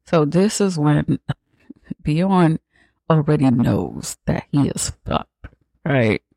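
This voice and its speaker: A man's voice: a little high, sing-song, takes it slowly, creaky, warm tone, no echo. A man hosting a podcast, retelling a film in a casual, profane, sarcastic way. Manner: profane, sarcastic, slangy storytelling. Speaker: podcast host recapping a film. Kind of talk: casual movie recap.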